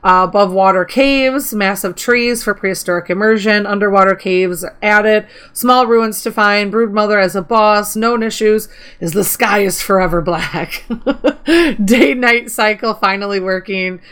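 A woman's voice: mid-range voice, measured pace, fairly bright tone, clean tone. A woman co-hosting a casual gaming podcast, chatty, reading out mod notes and asking guests questions. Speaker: podcast co-host.

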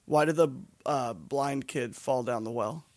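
A man's voice: mid-range voice, unhurried, darkish tone. A man co-hosting a casual music podcast, joking and teasing his co-host and swearing freely.

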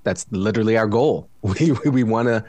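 A man's voice: lowish voice, brisk, mellow, dry recording. A tired man, a podcast guest, talking casually from home with reflective asides and frequent laughs. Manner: reflective, jokey, laughs often. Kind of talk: casual conversation. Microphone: studio microphone.

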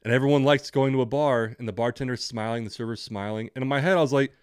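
A man's voice: medium pitch, steady tone, fast talker, a little mellow, smooth, no room sound, studio quality. A young man telling a story on a podcast, swearing freely and acting out both sides of the conversation. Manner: profane, ranting, acts out both sides of dialogue. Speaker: podcast co-host. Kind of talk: casual storytelling chat.

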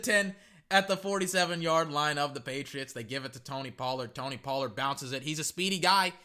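Brief: man, fan commentator, high lively voice, sharp bright tone, rambling live game reactions. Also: brisk. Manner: excitable, rambling, repeats words.

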